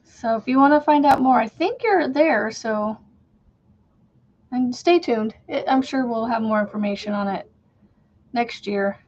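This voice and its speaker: A woman's voice: on the high side, a little slow, long pauses, a little mellow. Chatty woman crafter on a dull livestream. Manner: chatty, rambling, laughs often. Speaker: crochet channel host. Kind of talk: casual livestream chat while crocheting. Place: home.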